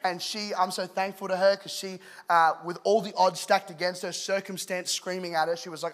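A man's voice: high voice, fairly quick, few pauses. A man from England in his thirties preaching a humorous sermon, telling stories with jokes. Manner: joking, animated storyteller. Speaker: pastor.

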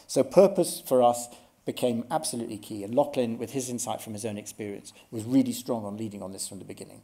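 A man's voice: mid-range voice, fast, warm tone. A middle-aged man giving a conference workshop talk in an earnest, explanatory way, often restarting his sentences. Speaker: workshop speaker. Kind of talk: conference presentation.

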